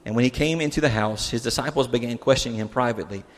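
A man's voice: medium pitch, quick pace. A male pastor giving a conversational sermon, putting rhetorical questions to his listeners. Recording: long hall reverb.

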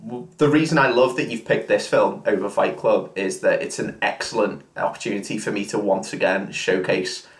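A man's voice: lowish voice, fairly even intonation, normal speed, hardly any pauses, roomy sound. A man co-hosting a casual film podcast, enthusiastic and calling his friend mate. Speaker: podcast co-host.

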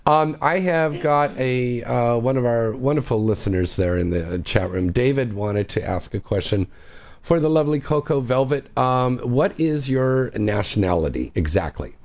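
A man hosting a casual radio talk show, playful and quick to laugh and tease his guest. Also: medium pitch, animated, darkish tone. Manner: playful, laughs often, jokey teasing. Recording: dull lo-fi radio audio.

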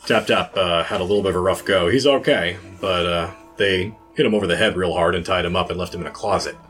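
A man playing in a tabletop role-play game, measured and dry, speaking in and out of character. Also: low-pitched, a bit bright, soft background music. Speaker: player.

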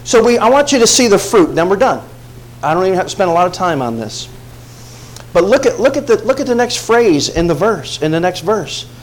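A male pastor preaching a sermon, telling a personal story with dramatic swings from hushed tones to shouts. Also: high-pitched, big pitch swings, brisk, rough recording.

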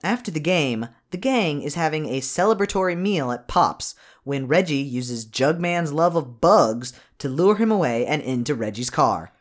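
Man, podcast co-host, lively swooping pitch, rambling, profane movie recap. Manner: rambling, profane, animated, quick bursts. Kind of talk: casual chat.

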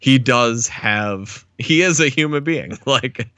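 A man's voice: mid-range voice, takes it slowly, bright, forceful tone, dry recording, studio quality. A man co-hosting a podcast, casually talking through a TV episode, with frequent restarts and laughter. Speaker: podcast co-host.

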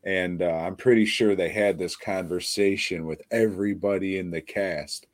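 A man's voice: low voice, fairly even intonation, normal speed, no echo. A man co-hosting a podcast in casual chat, retelling a movie in a rambling, profanity-laced way. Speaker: podcast co-host.

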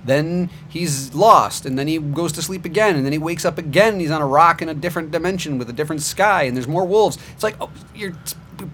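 Wry, fairly high-voiced male co-host. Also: fast, hardly any pauses, a bit bright, slight background noise. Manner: critical, wry. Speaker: podcast co-host. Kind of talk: casual chat.

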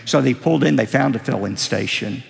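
Gravelly older male pastor preaching. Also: fairly quick, big-room sound. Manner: storytelling, acting out quotes with rising pitch. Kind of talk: sermon.

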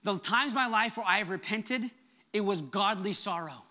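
Earnest preaching man, bright voice. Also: high voice. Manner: earnest, emphatic preaching with sudden soft drops. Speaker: pastor. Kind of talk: sermon.

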